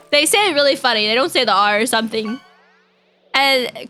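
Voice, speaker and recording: A young woman chats with viewers during a live stream, greeting people and riffing on whatever chat brings up. Her voice is high and bright, and her pitch jumps around a lot. Faint music plays under her talk. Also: lively intonation, moderate pace. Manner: bubbly, chatty, reads out chat and greets viewers. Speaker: VTuber streamer.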